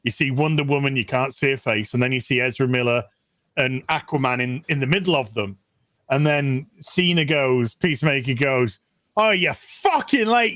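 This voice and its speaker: A man co-hosting a casual video call chat, retelling a scene in an animated, profane way. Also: mid-range voice, no room sound. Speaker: podcast co-host.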